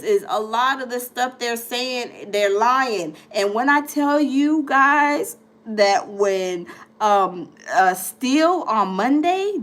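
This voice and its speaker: A woman hosts a casual live gossip stream in a high, animated voice. She addresses her viewers directly as she tells stories and reads news items aloud, stumbling through restarts and fillers along the way. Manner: animated, chatty storyteller, talks to viewers as "y'all". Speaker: gossip livestream host.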